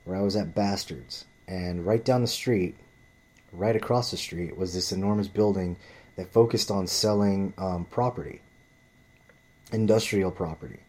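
A man's voice: low voice, moderate pace, a little mellow. A man telling a story in a ranting vlog monologue, blunt and profane, often rambling and restarting his sentences. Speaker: vlogger.

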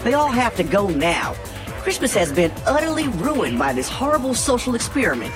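A woman's voice: a little high, very animated, moderate pace. An actress playing an angry female cartoon townsperson who asks heated, accusing questions. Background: music.

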